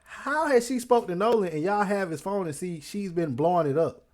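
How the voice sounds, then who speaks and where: A co-host reacting to a clip with excited, slangy exclamations. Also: mid-range voice, moderate pace. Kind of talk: casual reaction commentary.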